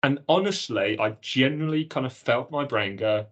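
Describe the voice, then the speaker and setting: A man co-hosting a podcast, telling his own experience in an earnest, animated way. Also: mid-range voice, moderate pace, muffled recording. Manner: earnest, animated storytelling with acted-out inner dialogue. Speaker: podcast co-host. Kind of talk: casual chat.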